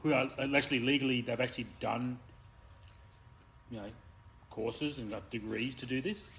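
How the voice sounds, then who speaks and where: A man's voice: mid-range voice, moderate pace, long pauses, a little hiss or hum, rough recording. A man co-hosting a podcast, telling stories in a rambling way. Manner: rambling storyteller, stammers when excited. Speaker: podcast co-host. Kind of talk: casual chat.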